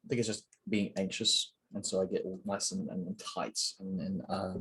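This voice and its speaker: A man's voice: low voice, fairly even intonation, normal speed, fairly bright tone, slightly rough. A young man hosting a casual solo chat while building, rambling and self-mocking with a sore throat. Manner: rambling, self-mocking, many fillers and restarts. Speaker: channel host.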